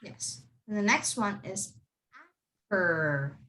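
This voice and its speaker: A woman's voice: medium pitch, animated, slow, bright, forceful tone. A young woman teaching pronunciation to children over a video call, patiently explaining and repeating model words. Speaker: accent tutor. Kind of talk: online pronunciation lesson for kids.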